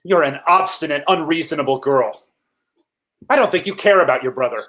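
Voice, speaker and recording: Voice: medium pitch, brisk, fairly bright tone, close to an everyday voice. A performer playing an authoritarian father who gives cold, commanding orders in a stage reading. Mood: stern. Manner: cold and commanding, later anguished. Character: stern father, authoritarian official.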